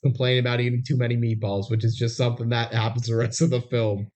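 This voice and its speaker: A man's voice: mid-range voice, little pitch movement, fast talker, darkish tone. A young man co-hosting a podcast in casual chat, with dry, wry comments. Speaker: podcast co-host.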